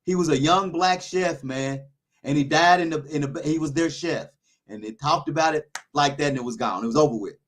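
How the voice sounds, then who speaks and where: A man's voice: a little high, a little fast, fairly bright tone. A man hosting a casual talk show, rambling with many restarts while giving his opinions. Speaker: YouTuber, podcast host.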